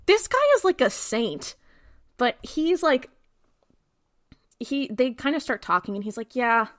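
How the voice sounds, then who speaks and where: A woman co-hosting a podcast, recapping a TV episode in a casual, animated way and acting out the characters' lines. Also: high-pitched, unhurried, no room sound. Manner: animated retelling, acts out quotes. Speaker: podcast co-host.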